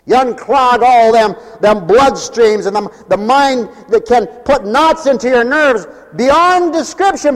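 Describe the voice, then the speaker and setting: A fervent male preacher with a high voice delivers a revival sermon, his words rolling out in rhythmic repetition. He swings between ringing exclamations and low muttered asides. The sound rings with the long reverb of a church hall. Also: animated, measured pace, hardly any pauses. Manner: repetitive, rhythmic phrasing with interjected hallelujahs.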